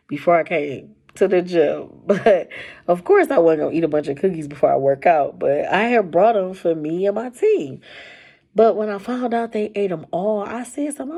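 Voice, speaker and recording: A woman casually telling a personal story to camera, animated and colloquial, her voice jumping high when she quotes herself. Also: moderate pace, breathy edge. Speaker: storyteller sharing a personal testimony.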